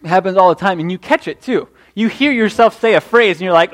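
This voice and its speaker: A young man delivers a sermon with earnest encouragement. His voice sits a little high for a man, and he often stumbles and restarts his phrases as he talks. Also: expressive, quick pace, few pauses, a bit bright. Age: young adult. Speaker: preacher.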